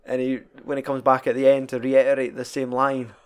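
Young scottish guy, sweary and animated, laughs a lot, mid pitch. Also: a little fast, smooth. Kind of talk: casual chat.

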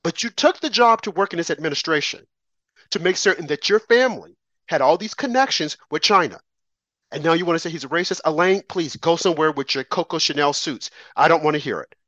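A man's voice: a little high, fairly bright tone, dry recording, muffled recording. A man ranting about politics in a combative, preachy and emphatic way. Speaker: political commentator. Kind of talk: opinionated political rant.

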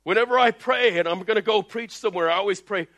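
Male preacher, loud and emphatic sermon delivery, high bright voice. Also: fast talker. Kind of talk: energetic sermon. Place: Texas.

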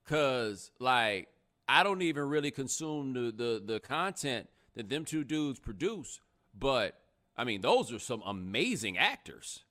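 A young adult man hosting a live podcast, chatting casually with a sarcastic, animated delivery. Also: unhurried. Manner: animated, sarcastic, rising pitch when joking. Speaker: podcast host. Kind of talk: casual live-stream commentary.

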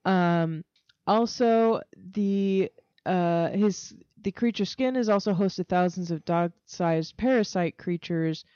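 Smooth low-voiced woman, hesitant. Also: slow pace, warm tone, no echo, lo-fi sound. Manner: hesitant, reads facts with many "um"s. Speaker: podcast co-host. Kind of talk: casual chat.

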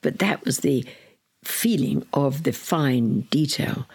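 Gravelly, husky older storyteller. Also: mid-range voice, expressive, slow pace, darkish tone. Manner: earnest, vivid storyteller, drops to a whisper at times. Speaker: guest. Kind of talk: storytelling in a podcast interview.

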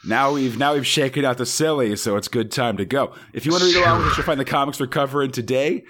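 An American man with a sick, slightly hoarse voice, co-hosting a casual podcast and joking around with a friend. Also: medium pitch, fairly bright tone. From United States. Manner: joking, rambling, quick asides. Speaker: podcast co-host.

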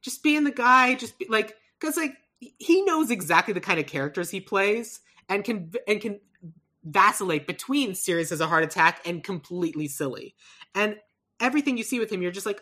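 Bright-toned woman podcast host, animated. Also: medium pitch, normal speed. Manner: animated, laughs often, swears casually. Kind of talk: casual podcast chat.

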